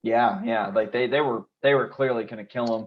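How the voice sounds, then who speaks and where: A man in casual podcast conversation, walking through the story at an easy pace with plenty of fillers. His voice sits at an ordinary pitch. The recording sounds a little muffled and lo-fi. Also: moderate pace. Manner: relaxed, steady retelling with fillers. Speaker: podcast co-host. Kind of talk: casual recap chat.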